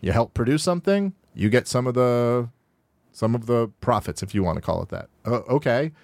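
A man hosting a podcast from a studio, pausing a video to argue against it. He sounds exasperated and his voice climbs high whenever he pushes back. The sound is dry and close, with almost no room around it. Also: expressive, gravelly, darkish tone, no echo. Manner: exasperated, rising sharply in pitch when rebutting. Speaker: podcast host reacting to a video. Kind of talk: argumentative commentary on a played clip.

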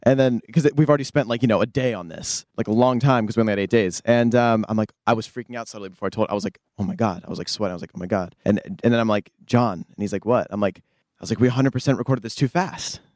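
Quick, animated young storyteller man. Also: medium pitch, no echo, studio quality. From United States. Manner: animated storyteller, acts out quotes and hums riffs. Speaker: rock band member. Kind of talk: casual interview anecdote.

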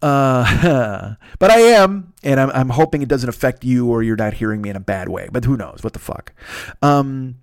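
A man hosting a podcast alone, hoarse and congested with a cold, rambling through a profane story. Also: mid-range voice, normal speed, no echo, studio quality. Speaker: podcast host. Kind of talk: casual solo monologue.

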